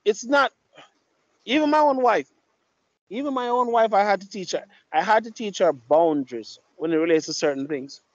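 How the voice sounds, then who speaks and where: A man's voice: high voice, moderate pace, no echo. A man tells blunt, profane stories as he hosts a casual podcast. His speech sounds dry and close, with no room around it. The mic is dull and lo-fi. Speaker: podcast host.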